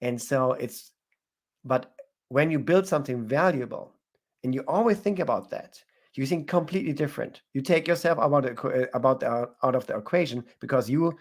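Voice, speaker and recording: A man with a mid-range voice speaks fairly quickly as a guest entrepreneur in a casual interview. He gives advice, often restarting phrases while searching for words.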